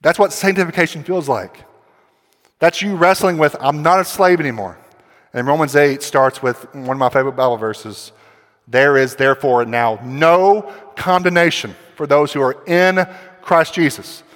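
Man, pastor, sermon, emphatic, rhetorical questions, higher voice, long reverb. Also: moderate pace. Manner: emphatic preaching with rhetorical questions, building to loud passages.

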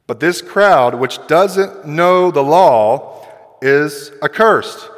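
A man's voice: fairly high pitch, animated, drawn-out words. A male pastor preaching a sermon in a conversational way, acting out quoted voices as he goes. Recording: long hall reverb.

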